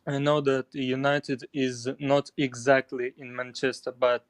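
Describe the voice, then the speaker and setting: A man's voice: medium pitch, little pitch movement, measured pace, clean tone, dry recording. A man talking casually with a teacher as a guest learner on a video call, careful and plain. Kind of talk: casual conversation practice.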